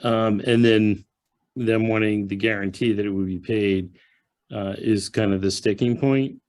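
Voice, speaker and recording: A man's voice: lowish voice, steady tone, a little slow, a little mellow. A man on a video call, a board member, explaining in a plain matter-of-fact way how he handled a negotiation. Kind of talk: business meeting discussion.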